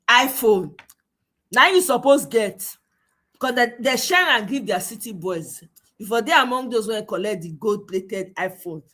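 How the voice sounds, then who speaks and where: A Nigerian woman with a Nigerian accent, slipping into Pidgin, hosting a political livestream and mocking with laughing asides and exclamations. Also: medium pitch. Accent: Nigerian, mixing Nigerian Pidgin. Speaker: livestream host.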